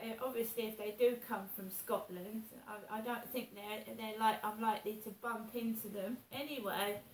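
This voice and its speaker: Her voice is on the high side and a bit bright, and she's far from the microphone. In this casual vlog she rants and rambles, sounding wronged and repeating her complaints. The audio has an echoey room and faint hiss.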